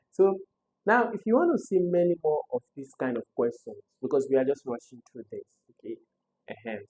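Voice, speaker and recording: A male tutor talks students through exam answers. His voice sits at an ordinary middle pitch. He leans hard on key words, says each answer twice and keeps putting questions to the listener. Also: a little mellow, rough recording. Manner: emphatic, repeats answers, asks rhetorical questions. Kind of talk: exam-prep lesson.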